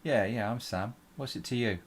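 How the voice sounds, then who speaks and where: A man voicing a gruff, guarded male halfling fence who talks tersely and warily. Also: medium pitch, moderate pace, a little hiss or hum, close to an everyday voice.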